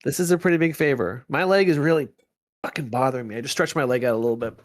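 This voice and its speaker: A man's voice: medium pitch, quick pace. A man playing a tabletop role-playing game in character, grumbling and swearing in exasperation. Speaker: player.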